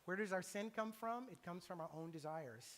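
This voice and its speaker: A middle-aged man preaching a sermon in a church, animated and acting out the voices he quotes. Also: sits high, a little fast. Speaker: pastor. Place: church sanctuary. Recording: long church reverb.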